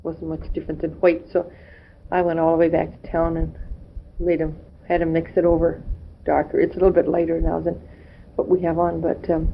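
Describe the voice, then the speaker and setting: Middle-aged woman, homey and halting, talking into a dull old home tape recorder with faint hiss. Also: deep voice, completely flat delivery, gravelly. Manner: chatty, hesitant with many pauses and fillers. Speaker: family member recording an audio letter. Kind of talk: rambling homey audio letter.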